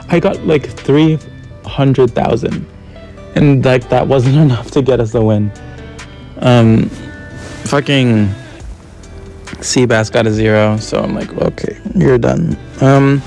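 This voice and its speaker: A young man with a lot of vocal fry rambles through his plans in a confessional video diary. He sounds annoyed, thinks out loud, and swears casually. Faint music sits behind his voice. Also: mid-range voice. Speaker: contestant.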